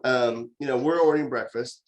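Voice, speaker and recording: A man gives a parenting lecture in a conversational, storytelling way. His voice sits in a middle pitch, and now and then he acts out exasperated outbursts. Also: brisk, low-quality recording. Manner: storytelling, with animated quoted outbursts.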